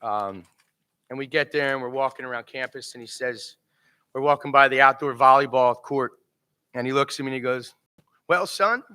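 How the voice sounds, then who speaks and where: A man's voice: mid-range voice, fairly even intonation, fairly quick, pushed and bright, smooth. A man giving an emotional eulogy for his father at a memorial service, telling funny stories and laughing through them.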